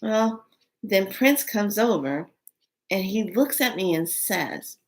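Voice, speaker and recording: A woman telling a spiritual story in casual, animated speech with many fillers, acting out quoted voices. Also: medium pitch, slow pace.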